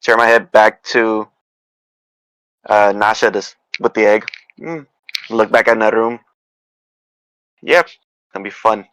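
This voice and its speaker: Man, low and bright, wry tabletop player, dry close sound. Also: takes it slowly, long pauses, clear, resonant tone, dry recording, rough recording. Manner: wry, sarcastic. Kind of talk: in-character tabletop role-play.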